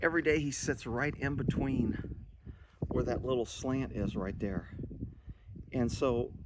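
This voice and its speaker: A man's voice: mid-range voice, unhurried, very noisy. A man hosting a casual vlog who rambles in a folksy way, swears casually and chuckles often while he films his animals outdoors on a phone. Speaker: channel host talking about his animals. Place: outdoors in a yard. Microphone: phone camera.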